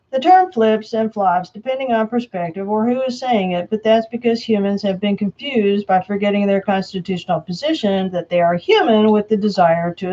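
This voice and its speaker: A woman reading a prepared statement aloud, slowly and emphatically. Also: mid-range voice, warm tone, muffled recording. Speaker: self-proclaimed Antichrist answering questions.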